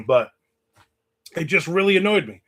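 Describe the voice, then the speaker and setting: A man's voice: high-pitched, wildly swooping pitch, takes it slowly, noisy background. A man hosting a casual live stream, telling a story and reading out viewer comments. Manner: storytelling, reads out chat comments. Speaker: host. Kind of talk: casual livestream chat. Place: in the American South.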